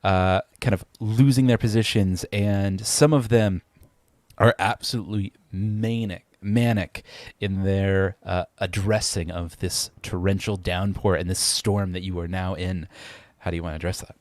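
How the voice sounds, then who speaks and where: A man narrating as game master of a tabletop game, pausing often with fillers and restarting his sentences. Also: sits low, steady tone, darkish tone, no echo. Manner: hesitant, many fillers and restarts.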